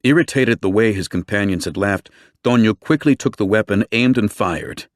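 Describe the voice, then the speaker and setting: This is scripted audiobook narration by a low-voiced man, recorded dry and at studio quality. His storytelling is steady and measured.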